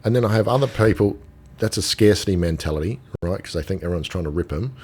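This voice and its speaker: Husky-voiced Australian man, low and lively. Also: fast talker. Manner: animated storyteller, acts out quoted voices. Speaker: gold dealer guest. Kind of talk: casual podcast chat.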